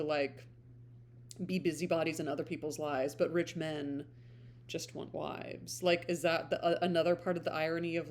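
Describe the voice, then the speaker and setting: Woman rambling about a book she's reading, kinda low voice, faint hum behind her. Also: a little mellow. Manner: thinking aloud, searching for words. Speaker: book reader and vlogger. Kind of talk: casual reflective chat.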